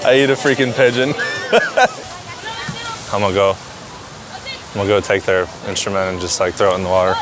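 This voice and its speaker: A man's voice: sits low, fairly even intonation, brisk, long pauses, over music. A man hosting a prank vlog, joking in a playful way and laughing often as he talks outdoors. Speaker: prank vlogger. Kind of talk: casual joking chat. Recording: noisy outdoor street recording.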